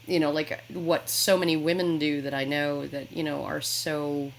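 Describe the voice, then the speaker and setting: A woman co-hosting a podcast, talking in a casual, animated, rambling way with plenty of swearing. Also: deep voice, normal speed, vocal fry, slight background noise. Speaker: podcast co-host. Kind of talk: casual chat.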